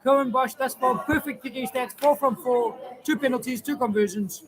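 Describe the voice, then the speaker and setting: A man's voice: very high voice, normal speed. A man giving casual live commentary on a rugby match, chatting with his viewers as he goes. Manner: chatty, talks to viewers and chat. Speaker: fan streaming live commentary. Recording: loud match crowd and music behind. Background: stadium crowd and music from the broadcast.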